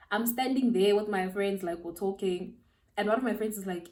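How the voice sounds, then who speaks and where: A young South African woman, a beauty vlogger, telling a story while doing her makeup, animated and slangy, laughing as she goes. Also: mid-range voice, moderate pace, far from the mic.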